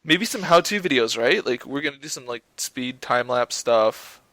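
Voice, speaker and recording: A young man co-hosting a podcast, telling a story in a loud, profane, laughing way. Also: medium pitch, expressive, normal speed, no room sound, rough recording. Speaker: podcast co-host. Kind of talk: casual chat.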